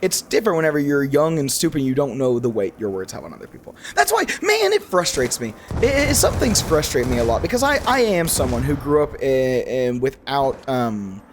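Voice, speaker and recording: A young man with a mid-range voice talks a little fast with few pauses, with slight background noise around him. As a gaming YouTuber playing a video game, he rambles casually and animatedly, often restarting sentences to correct himself.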